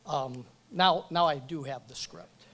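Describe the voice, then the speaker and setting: A man's voice: on the high side, unhurried, fairly bright tone. A man giving a joking, chatty acceptance speech at a banquet event, talking into a microphone and going off script. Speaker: award recipient.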